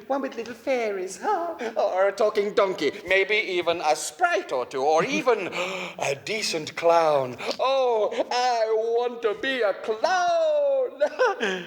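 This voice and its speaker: A man's voice: sits high, fairly bright tone, full character voice. An actor on stage playing a bored, petulant male villain who whines in a sing-song, theatrical way. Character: bored whiny male villain Iago, restless. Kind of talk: live stage acting.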